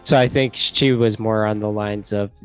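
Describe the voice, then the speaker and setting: A man chatting as a podcast guest, quick and agreeable in back-and-forth. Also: lowish voice, steady tone, smooth, faint music behind. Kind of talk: casual chat. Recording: dull, dry lo-fi mic.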